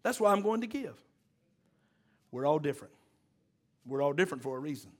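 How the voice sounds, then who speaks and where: A man's voice: on the high side, sing-song, a little fast. A man preaching a sermon, exhorting the congregation in call-and-response and mixing in folksy jokes.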